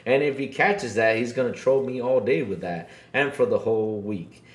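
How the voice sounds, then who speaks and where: A man's voice: mid-range voice, moderate pace. A man hosting a podcast in casual chat, joking around with lots of fillers and repeated words. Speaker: podcast host. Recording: roomy echo.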